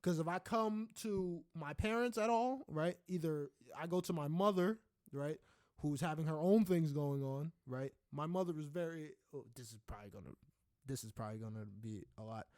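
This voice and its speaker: A man's voice: fairly high pitch, normal speed, no echo, studio quality. Candid, profane man on a podcast. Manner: candid, swears freely, often tags lines with "right?"; rises into loud animated ranting. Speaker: podcast co-host. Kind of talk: casual podcast chat.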